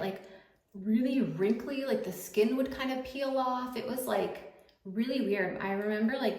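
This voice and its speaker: A woman's voice: medium pitch, a little mellow. Chatty thirtysomething woman doing a get-ready-with-me vlog, lots of "like", echoey room. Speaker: YouTuber. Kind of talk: casual get-ready-with-me chat. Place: home. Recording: roomy echo, faint background noise.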